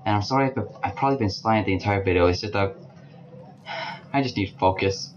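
A man giving let's play commentary, talking to the game characters and breaking into panicked shouts. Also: fairly low pitch, fast talker, highs cut off. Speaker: gaming channel host. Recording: clear background noise.

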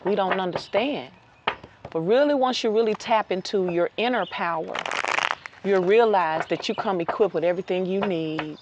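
A woman giving a casual outdoor tarot reading, lively and chatty, laughing often and repeating phrases for emphasis. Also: mid-range voice, background noise. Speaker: tarot reader.

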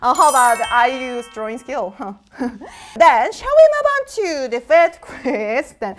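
A woman's voice: high voice, very animated, moderate pace, over music. A young woman hosting a live quiz show, bubbly and playful, laughing often between clues.

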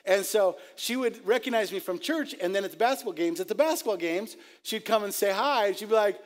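A middle-aged man, a pastor, preaching a sermon and telling stories in an animated, jokey way, laughing at his own tales. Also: high-pitched, fairly quick. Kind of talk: sermon with storytelling.

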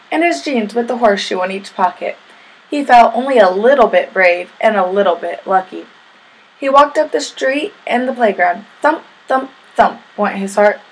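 A woman reads a children's story aloud at a steady, gentle pace. Her voice is on the higher side with a soft, husky breathiness. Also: low-quality recording. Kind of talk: reading a children's picture book aloud.

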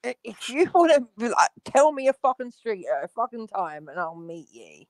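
A woman's voice: a little high, big pitch swings, moderate pace, no echo, clean studio sound. A woman with a North London accent, swearing bluntly and laughing as a guest on a casual live-stream panel. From London, England.

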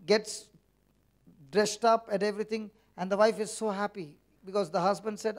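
Man preaching in a high voice. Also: steady tone, normal speed. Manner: conversational, teasing, asks the congregation questions. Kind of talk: sermon. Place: church meeting.

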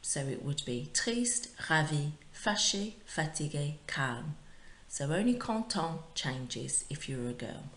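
Casting note: female teacher, low and unhurried, patient and clear, recorded in an echoey room. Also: animated, fairly bright tone, a little hiss or hum. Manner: clear, patient, drills words for repetition. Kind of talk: recorded remote language lesson. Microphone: home recording for remote class.

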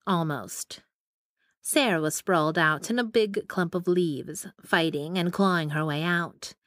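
A woman's voice: on the low side, unhurried, a bit bright, no room sound. A young adult woman narrating a first-person romance audiobook in an intimate, wry manner on a close mic.

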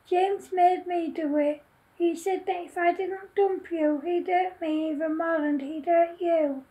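A woman's voice: very high voice, steady tone, unhurried, dark tone. Tearful little monster girl, read by a woman. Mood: sorry.

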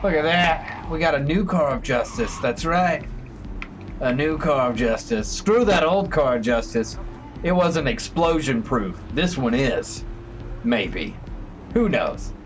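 A man streaming a video game live, talking to his chat in an excitable, joking, chatty way. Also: fairly high pitch, slow pace. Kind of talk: live gameplay commentary.

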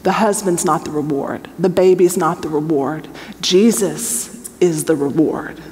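A woman's voice: deep voice, measured pace, a little mellow. A woman in her forties, a Bible teacher, giving an earnest, conversational testimony sermon and often checking in with her audience. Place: large hall with an audience. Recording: long reverb of a large hall.

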